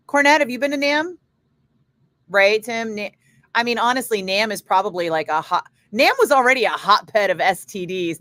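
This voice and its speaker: A woman's voice: medium pitch, bright, forceful tone, no echo. A middle-aged woman, a radio DJ, chatting casually with viewers on a livestream, blunt and swearing freely. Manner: blunt, swears freely, quick asides to chat. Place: home studio. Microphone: studio microphone.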